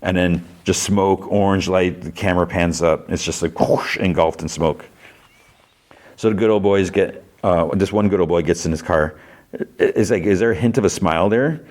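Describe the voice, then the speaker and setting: Podcast host, deep-voiced man, chatty recap style with filler words. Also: normal speed, a little mellow. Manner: chatty, many fillers, briefly acts out quoted lines. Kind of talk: casual episode recap.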